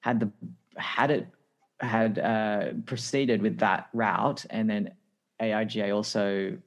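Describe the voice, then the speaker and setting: An Australian man in his thirties, a podcast guest telling his career story in a lively, anecdotal way with frequent laughs. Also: on the low side, takes it slowly. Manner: lively anecdotal, acts out dialogue, laughs often. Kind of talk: casual interview storytelling.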